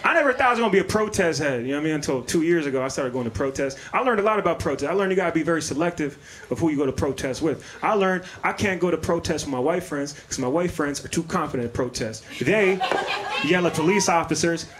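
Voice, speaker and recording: A man in his thirties doing a brash, profane stand-up set on a comedy club stage, slipping into quick character voices. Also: on the high side, animated, fairly bright tone. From Maryland, US. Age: 30s. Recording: live club recording with audience noise. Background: audience laughter.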